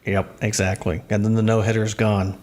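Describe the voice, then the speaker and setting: A man's voice: fairly low pitch, level tone, moderate pace, darkish tone, a little hiss or hum. A man co-hosting a casual podcast, talking easily with frequent laughs and fillers. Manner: easygoing, laughs often, fillers like um and you know. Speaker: podcast co-host. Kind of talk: casual rewatch podcast chat.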